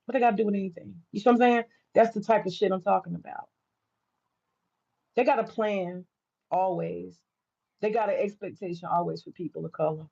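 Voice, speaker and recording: Heated gravelly American woman ranting. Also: medium pitch, warm tone, muffled recording. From United States. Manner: heated, profane, repetitive ranting. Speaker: livestreamer talking to viewers. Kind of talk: casual livestream rant.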